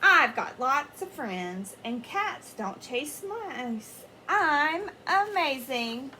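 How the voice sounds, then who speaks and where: A woman's voice: high-pitched, sing-song, drawn-out words, pushed and bright, a little hiss or hum, exaggerated voice. A woman voicing an anxious, stubborn young boy cat who pleads and asks questions in a storybook read-aloud. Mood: proud.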